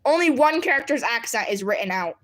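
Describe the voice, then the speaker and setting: A woman's voice: fairly high pitch, a little fast. A woman streaming from home at her computer, chatting casually with her viewers and often laughing. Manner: giggly and animated, often bursting into laughter. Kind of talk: casual live chat with viewers.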